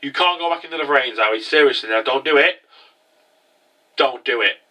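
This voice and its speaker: A man's voice: medium pitch, moderate pace, pushed and bright, recorded from a distance, lightly acted. A man voicing a protective big brother who insistently warns his sister, repeating himself.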